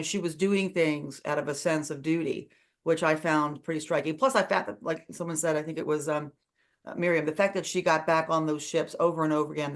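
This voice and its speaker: Chatty lower-voiced woman hosting a book club. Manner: chatty, many fillers. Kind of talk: casual online book club discussion. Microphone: video call.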